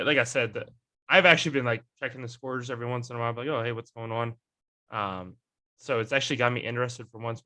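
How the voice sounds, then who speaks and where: A young man with a bright, lively tone hosts a casual sports chat. He rambles along, full of fillers and restarts. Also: mid-range voice. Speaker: podcast host.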